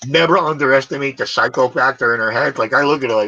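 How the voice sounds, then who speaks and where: Gravelly, bright-voiced rambling man. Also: mid-range voice, fast, no echo. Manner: rambling, animated, swears casually. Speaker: livestream host. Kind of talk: casual live-stream chat. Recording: dull lo-fi stream audio.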